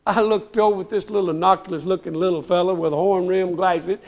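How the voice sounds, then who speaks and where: A man's voice: sits high, steady tone, a little fast. An older man telling comic stories on stage in a folksy, self-mocking way, often calling the crowd "folks". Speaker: comedian telling trooper stories. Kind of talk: stand-up storytelling.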